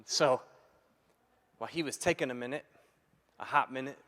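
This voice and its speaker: A man in his thirties, a pastor preaching a sermon, telling a funny story in an animated, jokey way. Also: mid-range voice, moderate pace. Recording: long hall reverb.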